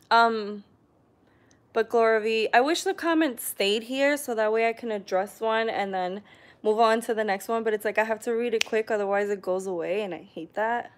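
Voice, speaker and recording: A woman casually chatting on a live stream, reading viewer comments aloud and often clearing her throat. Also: fairly high pitch, normal speed. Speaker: vlogger hosting a live stream.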